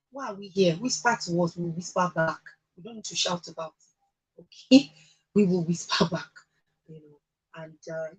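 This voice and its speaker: Nigerian woman, radio host, husky and low, earnest chatty advice. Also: low-quality recording. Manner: earnest, chatty, with fillers and laughs. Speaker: radio talk show host. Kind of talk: casual advice talk.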